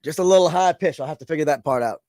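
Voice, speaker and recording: A man's voice: a little high, rapid-fire, darkish tone, no echo, clean studio sound. Laid-back man hosting a livestream. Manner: laid-back, chatty, addresses viewers as y'all. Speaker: livestream show host. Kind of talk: casual live-stream chat. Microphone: studio microphone with audio interface.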